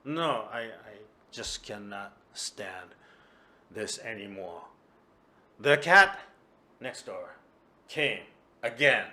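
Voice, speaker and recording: Drunk sheepish man, as a male storyteller puts him on, stammering, hesitant, bright tone. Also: on the low side, slow pace. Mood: agitated.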